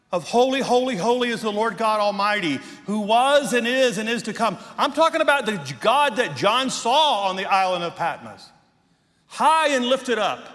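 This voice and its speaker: A man's voice: sits high, a bit bright, big-room sound. A middle-aged man, a pastor, preaching a sermon with emphatic rhetorical questions and touches of humor. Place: church sanctuary.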